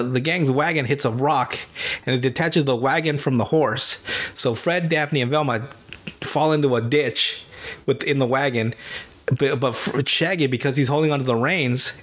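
A man hosting a podcast, casually recapping a cartoon with a lot of swearing and laughter. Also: medium pitch. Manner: profane, laughing storyteller who recaps cartoons; animated, jumps into silly character voices. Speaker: podcast host. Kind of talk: casual chat.

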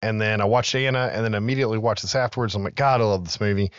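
A man's voice: on the low side, fairly even intonation, very fast, clean tone, no echo, lo-fi sound. A man in his thirties, a podcast co-host, recapping a film in casual chat and acting out its lines with laughs.

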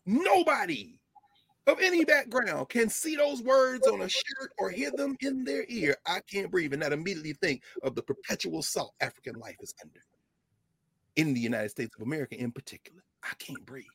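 A man giving an impassioned lecture with a preacher-like cadence, repeating phrases for emphasis and swinging from low murmurs to loud, emphatic peaks. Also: big pitch swings, a little fast, gravelly, breathy edge, no room sound, clean studio sound. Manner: informal, with y'all and ain't. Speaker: lecturer speaking to a group.

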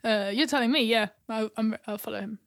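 A woman's voice: a little high, brisk, fairly bright tone. A woman playing in a tabletop game, chatting casually and giggling often. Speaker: player.

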